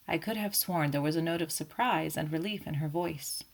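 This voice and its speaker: A woman reads a classic detective novel aloud in a measured, clear storytelling manner. Her voice sits fairly low for a woman. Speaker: audiobook narrator.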